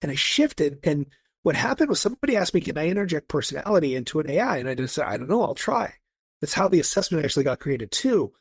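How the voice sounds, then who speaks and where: A man's voice: fairly high pitch, very animated, fast, slightly rough, no echo. A man talking eagerly as a podcast guest, telling stories in a casual, enthusiastic way with frequent restarts. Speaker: guest, personality coach.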